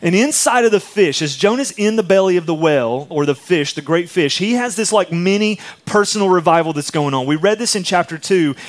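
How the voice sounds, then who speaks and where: A man preaching a sermon in a conversational way, retelling a Bible story with lively asides to the congregation. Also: sits high. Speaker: pastor.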